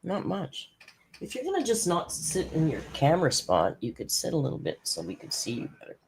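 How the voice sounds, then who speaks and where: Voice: mid-range voice, wildly swooping pitch, fairly quick, a little hiss or hum. A commentary channel host recapping a livestream in a chatty, sarcastic tone, with mocking asides.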